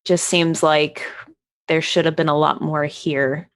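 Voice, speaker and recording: A woman's voice: sits low, flat delivery, a little slow. A woman playing in a tabletop game, chatting casually and hedging with fillers. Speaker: player.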